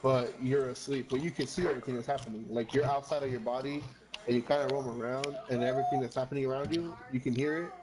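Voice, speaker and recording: A man in the middle of a relaxed gaming chat spins a rambling tale. He restarts sentences, curses freely and drops Spanish phrases in with his English. His voice sits at an ordinary middle pitch. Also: fast, rough recording. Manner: rambling, swears often, slips into Spanish phrases. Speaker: gamer chatting with friends. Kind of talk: casual storytelling chat.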